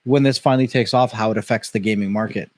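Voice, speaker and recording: A man's voice: on the low side, steady tone, fast talker, dry recording. A man co-hosting a casual tech podcast, musing aloud in a conversational way. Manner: musing, conversational, uses "you know" and "right". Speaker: podcast co-host.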